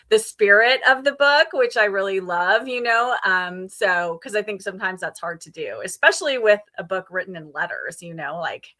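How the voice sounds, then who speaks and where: A woman's voice: mid-range voice, pushed and bright. A woman hosting a livestream readalong, chatting casually and laughing often. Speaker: livestream host. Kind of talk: casual chat.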